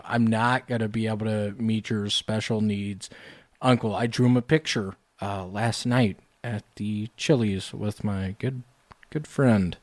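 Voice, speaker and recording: A man co-hosting a comedy podcast, delivering absurd jokes in a deadpan way. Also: fairly low pitch, dry recording. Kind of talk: casual podcast banter.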